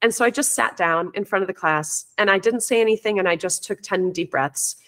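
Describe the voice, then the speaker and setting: A woman talking in an open, reflective way, the way a teacher and parent coach tells a story from her classroom. Her voice sits at a middle pitch, and she often restarts a sentence as she thinks it through. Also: fairly quick, fairly bright tone. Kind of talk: casual conversational interview.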